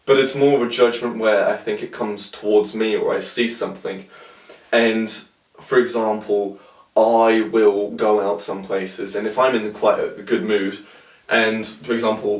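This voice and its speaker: A man's voice: fairly low pitch, level tone, normal speed. A young man casually reflecting to camera, rambling and searching for words. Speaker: vlogger. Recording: roomy sound from a distant mic.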